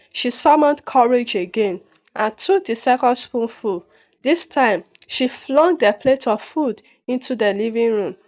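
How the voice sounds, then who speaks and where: A woman narrates a folktale in a steady, even reading manner. Her voice sits fairly high. The recording is dull and lo-fi, as if slightly muffled. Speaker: storyteller.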